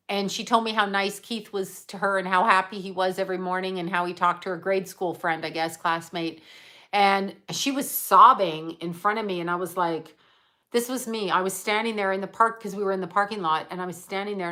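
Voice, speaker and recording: A middle-aged woman, a psychic medium, talking frankly and casually on a live stream, reading viewer comments and often breaking off in halting restarts. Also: mid-range voice, pushed and bright. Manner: frank and profane, halting with restarts when emotional.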